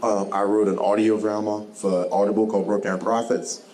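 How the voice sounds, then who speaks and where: Southern guy talking at a bookstore event, low voice, lively and laughing a lot. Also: brisk, a little hiss or hum, low-quality recording. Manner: animated, laughing storyteller. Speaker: author at a book talk. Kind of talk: casual audience Q&A.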